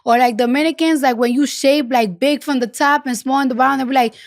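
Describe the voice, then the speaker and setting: Talking fast in a high voice with fairly even intonation, this Bronx woman gives a candid interview as the guest. The studio sound is clean, with no room sound. She speaks bluntly, swears freely, and leans heavily on fillers like "like."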